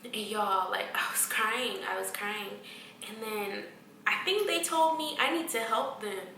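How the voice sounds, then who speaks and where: A woman's voice: mid-range voice, measured pace, sharp tone, echoey room, recorded from a distance, a little hiss or hum. A woman vlogger telling a story in casual talk, blunt and profane, acting out what people said to her. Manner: blunt, profane, acts out quoted exchanges.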